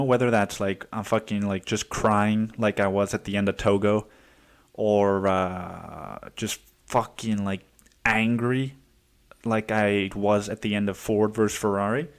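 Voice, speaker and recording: A man's voice: fairly low pitch, fairly even intonation, a little slow. A man hosting a podcast in a casual, rambling monologue full of curses, fillers and restarts. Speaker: podcast host.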